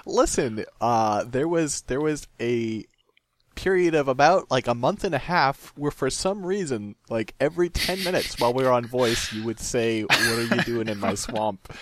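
A man's voice: mid-range voice, lively intonation, moderate pace. A man co-hosting a podcast in casual chat, with dry, wry reactions. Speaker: podcast co-host.

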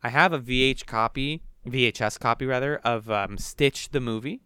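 Smooth-voiced rambling young man. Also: medium pitch, moderate pace, no echo, clean studio sound. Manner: rambling, animated retelling with put-on quotes. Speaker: podcast co-host. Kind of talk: casual chat.

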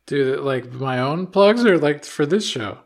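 A man's voice: fairly high pitch, animated, measured pace. A man appearing as a podcast guest, playfully insistent and teasing his hosts. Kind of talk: casual chat.

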